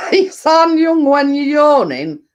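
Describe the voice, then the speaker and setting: A middle-aged woman with a Yorkshire accent and a slightly deep voice, chatting casually on a livestream and rambling with lots of fillers. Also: sing-song, slow pace. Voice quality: a bit deep. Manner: rambling, full of fillers and restarts. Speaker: livestream host. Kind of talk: casual live chat.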